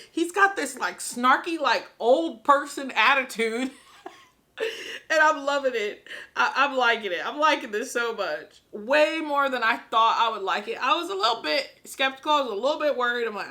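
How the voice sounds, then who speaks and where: A woman filming a casual book reaction vlog, gushing and excitable, often laughing and repeating herself as she rambles. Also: sits high, moderate pace. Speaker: book vlogger. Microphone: camera she films herself with.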